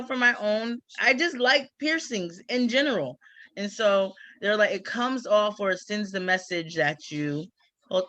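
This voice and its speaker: A woman in a class discussion, chatty and quick with laughing asides. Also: mid-range voice, fairly bright tone, no room sound.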